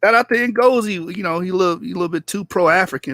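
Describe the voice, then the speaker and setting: A man's voice: sits high, fairly quick, pushed and bright, no room sound. A man hosting a livestream debate in loose, casual talk, teasing viewers in the chat and laughing often. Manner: addresses viewers in the chat directly.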